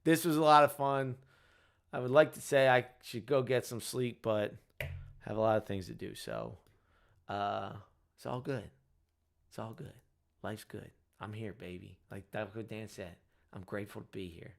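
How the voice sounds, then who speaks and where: A man's voice: lowish voice, fairly even intonation, normal speed, vocal fry. A man in his thirties chats casually as host of a livestream. He sounds tired and rambles, with frequent "like"s and "you know"s.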